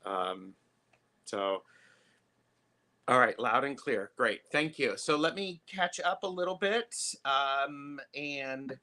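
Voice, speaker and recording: A man hosts a live tarot stream, chatting casually in a halting manner full of fillers and pauses. His voice is mid-range with a sharp tone.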